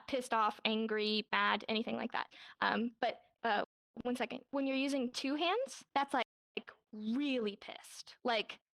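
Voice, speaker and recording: A woman's voice: a little high, creaky, a bit bright, no room sound. A young adult woman teaching a casual sign language class in virtual reality. She talks in a chatty way, acts out quoted lines and laughs often, speaking into a headset mic.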